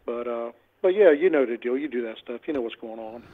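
A man's voice: mid-range voice, lively intonation, a little fast. A man calling in to a radio show and telling rambling stories about scam calls, repeating his words and acting out both sides. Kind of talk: casual phone-in chat, storytelling. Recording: tinny phone line.

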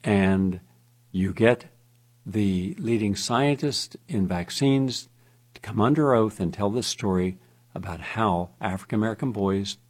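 A man hosting a talk radio show, speaking in an emphatic, insistent monologue. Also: lowish voice. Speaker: radio host.

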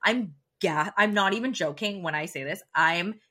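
A young woman co-hosting a podcast, telling stories in an animated way and laughing often. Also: lowish voice, moderate pace. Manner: animated storytelling, frequent laughter. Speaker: podcast co-host. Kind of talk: casual chat.

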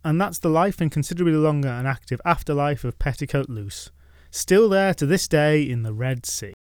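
A man narrating folklore stories from a script, with wry, deadpan asides. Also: fairly high pitch, fairly quick, no room sound, studio quality. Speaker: storytelling podcast host.

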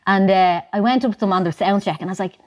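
A woman with an Irish accent telling a story casually, animated and chatty, full of "like" and "you know.". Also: medium pitch, fast talker. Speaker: singer telling a story as a guest. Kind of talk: casual anecdote in conversation.

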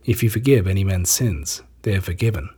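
A calm and gentle Jesus, as a male reader voices him in a scripture reading. The voice is very husky and breathy, pitched on the low side. The delivery stays measured and solemn. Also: heavily acted.

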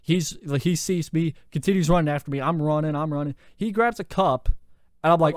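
A young man hosting a podcast, telling a story in a lively, profane way with lots of fillers, into a handheld mic. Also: on the high side, fairly quick, dry recording, studio quality. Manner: animated, profane, full of fillers. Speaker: podcast host. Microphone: handheld microphone.

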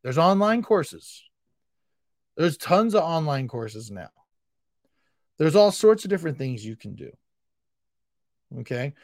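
A man's voice: a little high, very animated, slow, pauses often, no room sound, studio quality. A man hosting a solo podcast, answering a listener with intense, emphatic tough love that comes across as a bit frustrated. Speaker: podcast host. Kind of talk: solo podcast pep talk.

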